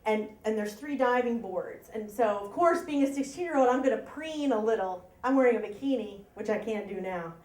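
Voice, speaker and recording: A woman's voice: fairly high pitch, a little fast, hardly any pauses, darkish tone, echoey room. A woman telling a personal story live on stage to an audience, chatty and self-mocking, laughing at her own lines. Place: live event room with audience.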